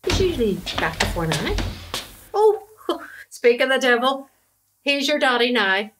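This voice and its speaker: A woman's voice: high voice, sing-song, unhurried, noisy background. An actress playing a chatty, gossipy middle-aged mother with a Belfast accent. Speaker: mother and wife. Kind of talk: comedy drama acting.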